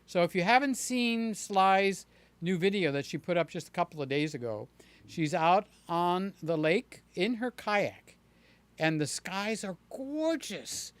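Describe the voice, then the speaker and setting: A man's voice: animated, smooth, no echo. A man hosting a casual livestream, reading viewers' chat aloud and talking back to them by name, with a playful streak. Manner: slow, chatty, talks to viewers by name; breaks into a high playful voice to entertain a child.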